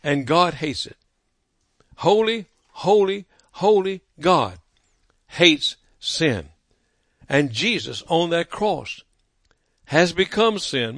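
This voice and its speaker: Slow, emphatic male preacher. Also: fairly high pitch, expressive, a bit bright, dry recording, clean studio sound. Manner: emphatic preaching with dramatic pauses and repetition. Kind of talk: sermon.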